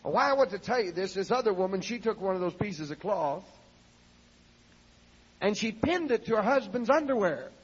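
Fervent male evangelist, husky and high, with dramatic sermon storytelling on an old lo-fi tape. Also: lively intonation, normal speed. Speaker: evangelist preacher. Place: church. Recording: lo-fi 1970s sermon tape in an echoey hall.

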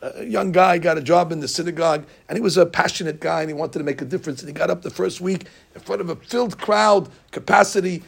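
Gravelly high-voiced rabbi preaching. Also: male voice, fast talker, hardly any pauses. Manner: animated storytelling, acting out congregants' complaints; mixes Hebrew terms into English. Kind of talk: sermon.

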